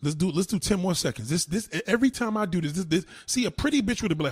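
A man's voice: sits high, expressive, racing, few pauses, breathy edge, dry recording. Combative man ranting on a livestream. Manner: loud, combative, profane, mocking. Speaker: livestreamer reacting to chat. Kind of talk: live-stream rant.

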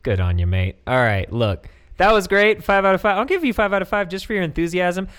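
A man with a smooth, resonant, fairly high voice chatting on a comedy podcast. He riffs playfully and jokes his way through the conversation, easy and relaxed. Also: brisk. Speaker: podcast co-host. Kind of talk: casual comedic chat.

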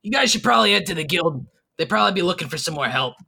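A man's voice: high voice, rapid-fire, gravelly, breathy edge, heavily acted. A man voicing a sly, joking male tavern barkeep in a tabletop game. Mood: casual. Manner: wisecracking, deadpan about shady food. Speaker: barkeep character.

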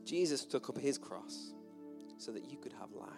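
Speaking in a gravelly, mid-range British voice at a moderate pace, this preacher gives an expressive sermon in a church hall before an assembled audience, with music playing behind him. His tone is conversational and self-mocking, full of little jokes.

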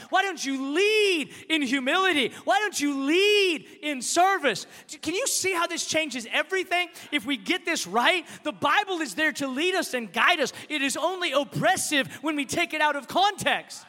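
A male pastor preaching a sermon with passion, swinging between forceful declarations and hushed, quiet passages. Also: extremely high pitch. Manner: impassioned preaching, rising and dropping to a hush. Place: church hall with long reverb. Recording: reverberant hall sound.

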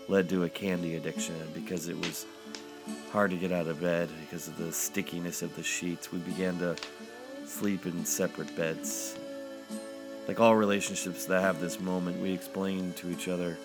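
A man reading a dark comic story in the first person, with a deadpan delivery. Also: low voice.

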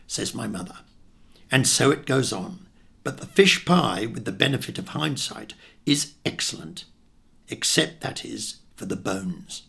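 A man's voice: on the low side, unhurried, vocal fry, a bit bright, breathy edge. An older man from England reading his childhood memoir in a wry, reflective way. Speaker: narrator.

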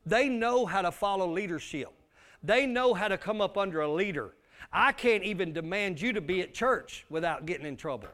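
A man's voice: high-pitched, animated, normal speed, fairly bright tone. A male pastor, preaching a sermon with emphatic call-and-response.

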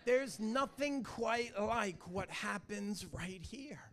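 High-voiced joking man preaching. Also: takes it slowly. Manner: joking, animated, talks to the crowd. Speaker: guest preacher. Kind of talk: sermon. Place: church service.

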